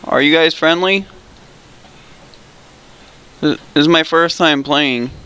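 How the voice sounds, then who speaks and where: A man putting on a squeaky, nervous voice as a timid first-time player who stammers and begs not to be killed. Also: takes it slowly, sharp tone, smooth. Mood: pleading friendly. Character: squeaky timid male newbie player, pleading. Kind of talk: in-game voice chat trolling.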